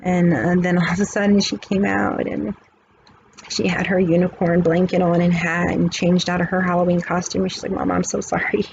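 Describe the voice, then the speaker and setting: A woman's voice: lowish voice, level tone, normal speed, darkish tone. Woman spiritual reader, preachy and chatty, dull lo-fi mic with faint hiss. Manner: preachy pep talk, repeating "okay". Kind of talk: casual chat.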